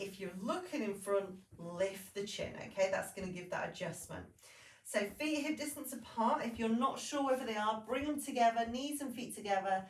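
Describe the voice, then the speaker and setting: A woman leading a Pilates class, giving calm, steady cues and counting through each exercise. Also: on the high side. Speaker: Pilates instructor. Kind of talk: guided exercise class instruction. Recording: echoey room, voice from a distance.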